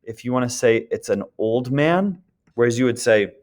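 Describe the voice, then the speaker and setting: A man's voice: medium pitch, expressive, moderate pace, a little mellow. A man teaching French grammar in a patient, explanatory lecture, checking in often with his students. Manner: patient, explanatory, frequent "d'accord?" checks and "um" fillers.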